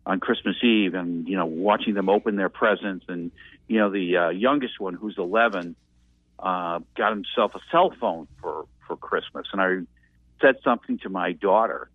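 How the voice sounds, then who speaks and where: A man's voice: low-pitched, moderate pace, no echo. A man, calling in and reminiscing in a rambling, reflective way. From Massachusetts. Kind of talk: casual reminiscing. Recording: tinny dry phone line.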